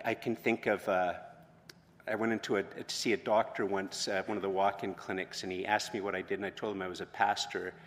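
A man, a pastor, preaching a sermon in a conversational way that rises to loud, emphatic proclamations. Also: lowish voice. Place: church hall with long reverb. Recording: reverberant church hall.

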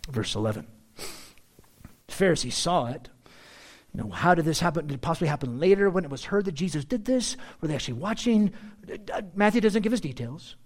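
Speaking a little fast, this pastor keeps his sermon animated and chatty, tossing jokes and playful asides to the congregation. His voice swings from high notes that stress a point to low tones when he confides something.

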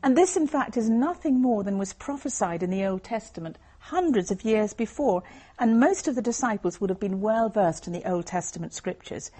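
A woman giving an earnest, measured Christian talk to a group, explaining Bible passages as she reads. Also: mid-range voice, expressive, mellow, husky. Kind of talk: evangelistic talk with Bible reading.

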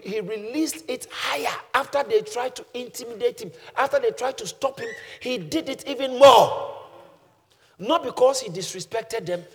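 High-voiced preacher man in an echoing church. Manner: swings from quiet scripture reading to shouted preaching. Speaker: pastor. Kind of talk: sermon.

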